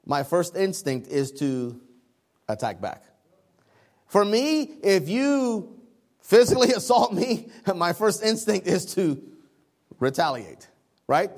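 A man preaching a sermon, lively and conversational, laughing often and acting out people's reactions. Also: sits high. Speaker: pastor.

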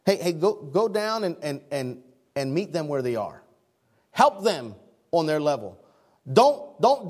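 A man preaching a sermon, lively and conversational, laughing often and acting out people's reactions. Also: a little high. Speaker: pastor.

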